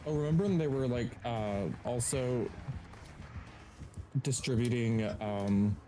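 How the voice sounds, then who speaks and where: A man's voice: medium pitch, unhurried, warm tone. A man co-hosting a live stream, rambling casually with lots of fillers and hesitations. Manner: rambling, full of "like" and "um". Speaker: co-host. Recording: noisy background.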